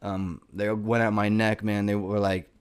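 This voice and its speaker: A man's voice: fairly low pitch, little pitch movement, measured pace, clean tone. A young man, a comedian, ranting casually and profanely, rambling with lots of filler words and exasperation.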